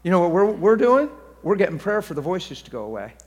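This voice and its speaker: A man's voice: high voice, brisk. Man preaching in an echoing church hall. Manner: storytelling, swinging from hushed near-whispers to loud excited bursts. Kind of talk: sermon. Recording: long hall reverb.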